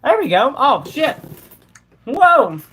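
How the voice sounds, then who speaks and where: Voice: sits high, sing-song, slow pace, a bit bright. A live streamer chatting casually with viewers in a laid-back, slangy way and laughing often.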